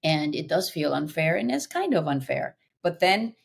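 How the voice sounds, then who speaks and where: A middle-aged woman, a podcast guest, telling her personal story in an earnest, animated way with many fillers. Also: low voice, moderate pace, creaky, slightly rough.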